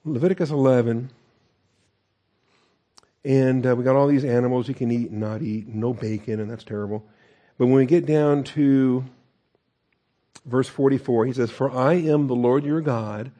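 A middle-aged pastor and teacher delivers a sermon in a relaxed, conversational style, slipping in joking asides. His mellow, dark voice sits in a man's ordinary middle pitch, with a moderate pace and long pauses.

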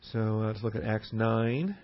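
A man's voice: on the low side, a little slow. A man teaching a Bible class verse by verse, who acts out the people he quotes. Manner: lively, acts out quotes with a raised voice. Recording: dull lo-fi recording.

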